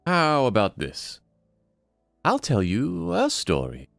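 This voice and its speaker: A man voicing a smooth-talking male con man posing as a nobleman, with a theatrical fake foreign accent and courtly manner. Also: medium pitch, huge pitch swings, slow, no echo, soft background music, voice pushed up, exaggerated voice. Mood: conspiratorial.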